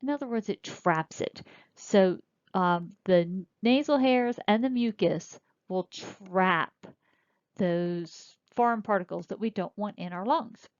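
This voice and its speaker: A woman teaching a recorded lecture, explaining slowly and spelling out terms as she points. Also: mid-range voice, darkish tone, no echo. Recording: dull lo-fi dry recording.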